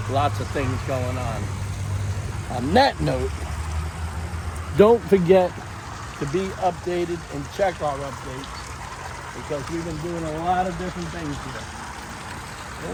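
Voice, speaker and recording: A man with a high voice chats in a loose, rambling way, trailing off and restarting as he talks to the camera and coos at his animals. He is recorded outside, with steady yard noise around him. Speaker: vlog host. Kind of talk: casual chat. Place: outdoor backyard. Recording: outdoor noise.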